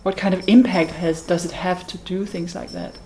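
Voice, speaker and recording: Mellow-voiced woman artist being interviewed. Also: lowish voice, fairly even intonation, moderate pace, slight background noise, poor audio. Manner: thoughtful, hesitant with restarts. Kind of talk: casual interview.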